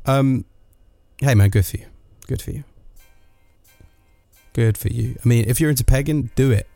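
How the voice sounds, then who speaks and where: A man's voice: mid-range voice, a little fast, creaky, mellow, no echo, faint music behind. A man, delivering a sardonic, rambling comic monologue full of asides.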